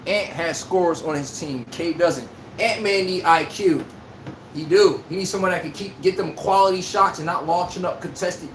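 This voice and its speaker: Male livestream sports host, loud and profane, speech, echoey room, faint background noise. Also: high voice. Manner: animated, profane, trash-talking. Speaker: podcast host. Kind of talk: casual sports commentary livestream.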